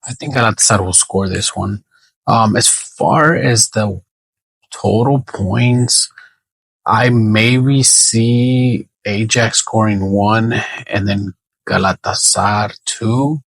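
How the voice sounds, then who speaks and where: A man talks through his betting picks in a slow, unhurried way, with a gravelly, husky voice. He thinks aloud, hesitates and corrects himself often. The sound is dry and close. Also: on the low side, a bit bright, no room sound, rough recording. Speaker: sports betting predictor. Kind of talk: casual solo prediction talk.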